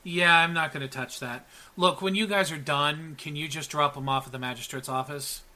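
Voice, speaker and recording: A man with a very bright, forward voice narrates a tabletop game as its game master. He talks casually and rambles, filling gaps with ums, and sits a little above the usual male pitch. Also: fairly even intonation, moderate pace. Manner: casual, rambling with many ums, laughs at own jokes.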